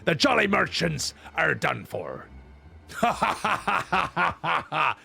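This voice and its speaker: Guy doing a crude pirate rogue, gravelly snarl, swears a lot, game dub voice. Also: a little high, sing-song, slow pace, sharp tone, exaggerated voice. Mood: gruff. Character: foul-mouthed male pirate rogue, gruff and brash.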